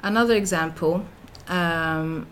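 A middle-aged woman researcher gives an academic lecture, speaking thoughtfully with frequent fillers and restarts. Her voice is fairly low and slow, with a little hiss or hum in the recording.

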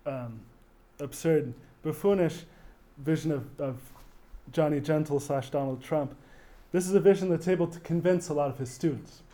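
Mellow-voiced man giving a literature lecture. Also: a little high. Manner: thoughtful, with fillers and restarts between quoted passages. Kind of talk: literature lecture reading passages aloud.

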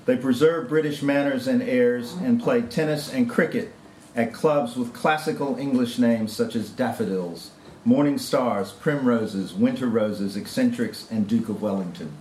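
A man's voice: mid-range voice, a little slow, darkish tone, a little hiss or hum. A man giving an academic conference talk, reading a prepared paper with hesitant ad-libbed asides. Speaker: lecturer. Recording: roomy lecture-hall echo.

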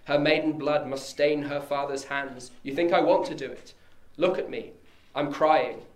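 A man's voice: fairly high pitch, fairly even intonation, normal speed, close to an everyday voice. Anguished, resolute king, read by a man, echoey room. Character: grim father king resolved to kill.

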